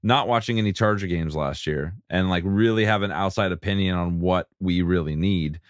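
A man's voice: low voice, normal speed, no room sound, studio quality. A man co-hosting a sports podcast in frank, casual chat, swearing freely. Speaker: podcast co-host.

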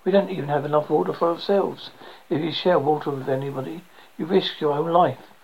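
A bitter, hard-bitten man , as the audiobook reader puts him on, barking out grim, blunt warnings. The voice is gravelly at a middling pitch. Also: fairly even intonation, fairly quick, muffled recording, a little hiss or hum, natural voice. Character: bitter, pessimistic man, quick to snap.

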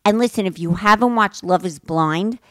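A middle-aged woman co-hosting a podcast with her daughter, talking bluntly, swearing and rambling excitedly. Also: medium pitch, moderate pace, no echo. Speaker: podcast co-host. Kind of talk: casual chat. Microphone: studio microphone.

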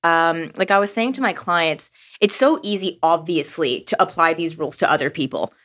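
A woman's voice: low-pitched, normal speed, a bit bright. A woman co-hosting a podcast in casual conversation, speaking candidly and reflectively with frequent "like" fillers. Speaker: podcast co-host.

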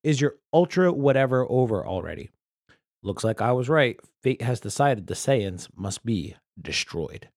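A man's voice: medium pitch, sing-song, measured pace, darkish tone, no room sound, studio quality. A man voicing a smug alien warrior in an odd put-on accent while reading comic dialogue aloud. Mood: taunting.

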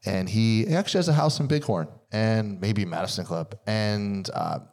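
A man's voice: lowish voice, normal speed, a little mellow. A young adult man hosting a podcast, talking enthusiastically and rambling a little as he chats with his guest. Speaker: podcast host. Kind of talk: casual podcast interview.

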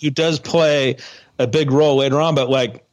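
A man co-hosting a podcast in casual chat, measured, asking questions and filling in details. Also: mid-range voice, steady tone. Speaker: podcast co-host.

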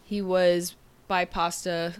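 A woman's voice: fairly low pitch, little pitch movement, takes it slowly, clean tone. A young woman chef, a podcast guest, telling frank, wry stories from her kitchen days in a casual interview. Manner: frank, wry storyteller who curses freely.

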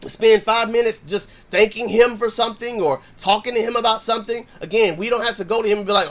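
Guy with a high voice doing a laid-back bible talk, slangy and chatty, acts out little prayers. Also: fast talker, hardly any pauses, a bit bright. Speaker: Christian podcast host. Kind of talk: casual Bible teaching.

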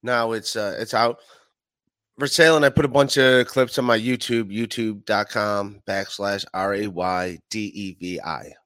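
A man's voice: lowish voice, steady tone, moderate pace, fairly bright tone, no echo. A man, a comedian being interviewed over a call, talking casually with dry humor and hesitant restarts. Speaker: comedian guest.

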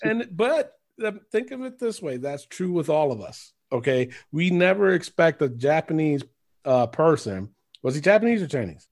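High creaky-voiced man rambling casually. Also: very animated, moderate pace. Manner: rambling, swears freely, laughs often. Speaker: podcast co-host. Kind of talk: casual chat.

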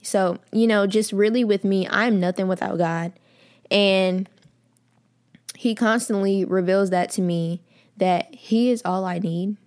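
A young woman with a medium-pitched, darkish voice hosts a faith podcast, speaking a little slowly in a steady tone. She's casual and sincere, regularly saying "y'all" and repeating phrases for emphasis.

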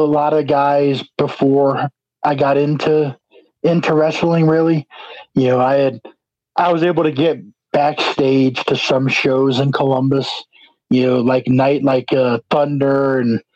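A man with a slightly higher pitch talks as a guest in a casual interview, wandering through his points with constant "you know" fillers. He is from New Jersey and works as an independent wrestler. The recording sounds dull and lo-fi, dry and close. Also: darkish tone, no echo. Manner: rambling, heavy use of "you know" fillers.

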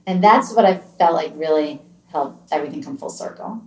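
A woman's voice: low voice, expressive, moderate pace. A middle-aged woman talking as a podcast guest, earnest and encouraging, often restarting her sentences. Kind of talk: conversational interview. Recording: echoey room, distant from the mic.

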